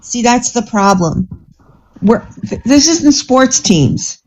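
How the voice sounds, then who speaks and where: A woman's voice: on the high side, animated, slow pace, darkish tone, low-quality recording. A woman on a live political panel, asking pointed, needling questions. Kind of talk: casual debate chat.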